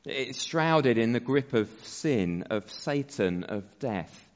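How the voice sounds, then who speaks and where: A man preaching a sermon as pastor, slow and measured, letting his phrase endings fall soft. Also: mid-range voice, animated. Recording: dull sound with long hall reverb.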